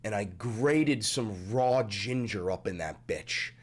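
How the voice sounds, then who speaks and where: A young man live-streaming in casual, profane chat, his voice deepened after a sickness, rambling and swinging from mumbles to shouting. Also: takes it slowly. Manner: animated, rambling, swears a lot, swings from mumbling to yelling.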